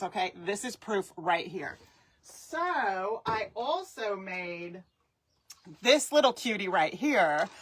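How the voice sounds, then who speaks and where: Middle-aged woman, craft instructor on a live stream, chatty and upbeat, mid-pitched voice, talks straight to her viewers. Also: a bit bright. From Southern California. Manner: chatty, enthusiastic, addresses viewers directly.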